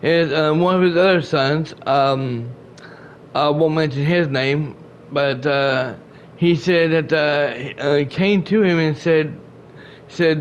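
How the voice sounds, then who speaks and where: A man's voice: a little high, takes it slowly. Rambling man with a drawl. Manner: rambling, repeats and restarts often, retells conversations. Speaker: gaming channel host. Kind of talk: casual vlog update to viewers. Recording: dull lo-fi home recording with faint noise.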